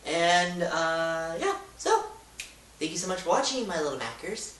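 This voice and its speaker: A bright-voiced man rambles goofily through a casual how-to vlog, bursting into loud demonstrations. He sits back from the mic in an echoey room, with a faint hiss underneath. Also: on the high side, sing-song, measured pace, far from the mic. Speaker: YouTuber.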